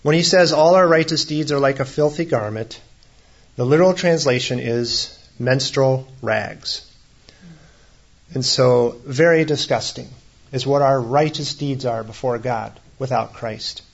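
A man's voice: medium pitch, measured pace, slightly rough. A man delivers a sermon in an easy, conversational manner, dropping humorous asides between scripture readings. His voice sits in an ordinary middle range. The recording is a little muffled. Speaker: pastor.

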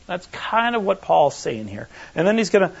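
Animated high-voiced male preacher, muffled audio. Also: normal speed, gravelly, husky. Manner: animated, emphatic, checks in with the audience. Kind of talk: conversational sermon teaching. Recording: muffled lo-fi recording.

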